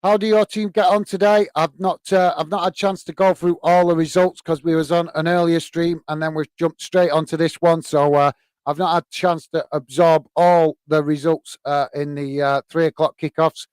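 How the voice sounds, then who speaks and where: A man's voice: fairly high pitch, level tone, moderate pace, darkish tone, clean tone, dry recording. A man hosting a live football watch-along from the UK, describing play and chatting with viewers, hesitant with many fillers. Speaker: host. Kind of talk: live match commentary and chat.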